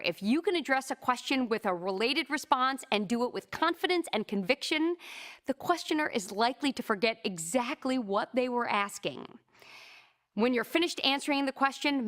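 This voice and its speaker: A high-pitched woman speaks in a crisp, measured way as a presentation coach. Her scripted advice is laid out step by step in a calm instructional tone. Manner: crisp, measured advice with acted example quotes.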